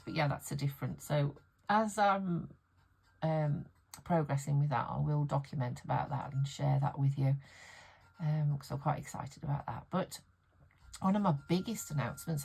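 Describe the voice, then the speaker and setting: A woman's voice: deep voice, vocal fry, a little mellow, breathy edge, poor audio. A middle-aged woman chatting casually in her home art studio, rambling and laughing often as she talks. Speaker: art vlogger. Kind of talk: casual chat.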